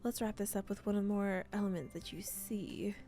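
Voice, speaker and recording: A woman's voice: medium pitch, steady tone, moderate pace, warm tone, soft background music. A woman hosting a let's play, reading a cozy role-playing game's text aloud with playful asides. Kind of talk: let's play narration of a visual novel.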